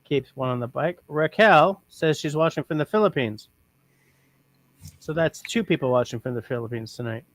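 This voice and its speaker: Relaxed man reading out livestream chat. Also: on the high side, normal speed, no room sound. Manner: relaxed, reads viewer comments aloud.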